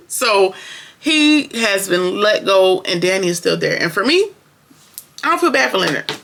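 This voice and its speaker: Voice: mid-range voice, big pitch swings, unhurried, gravelly, fairly bright tone. A show reviewer recapping an episode in casual, opinionated, slangy chat, talking straight to viewers.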